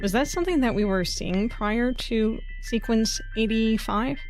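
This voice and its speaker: A woman's voice: a little high, measured pace, a little mellow, soft background music. A woman streamer thinking aloud as she works through a puzzle game, muttering to herself and swearing when she gets frustrated. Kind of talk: casual live game commentary.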